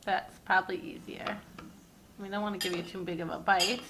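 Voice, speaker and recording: A woman's voice: mid-range voice, fairly even intonation, fairly quick, noisy background. A mother talking playfully to her toddler at mealtime, coaxing and laughing often, filmed at home on a camera. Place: home, at the table.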